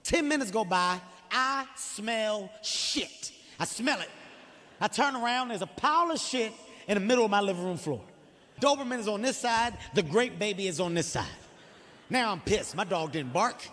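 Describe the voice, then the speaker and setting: Brief: male stand-up comic, high voice, rapid profane storytelling, live hall reverb. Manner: animated, profane storytelling with acted-out quotes. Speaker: stand-up comedian. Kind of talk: stand-up comedy. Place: theater stage before an audience.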